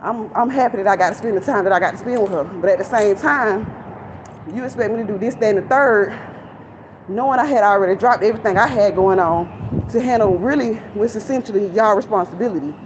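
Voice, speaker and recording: A woman's voice: medium pitch, a little fast. Young woman venting on a walk. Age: young adult. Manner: chatty, candid, venting to viewers. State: out of breath while walking. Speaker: vlogger. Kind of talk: casual rambling vlog. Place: outdoors near a shopping center. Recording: lo-fi phone audio, traffic noise.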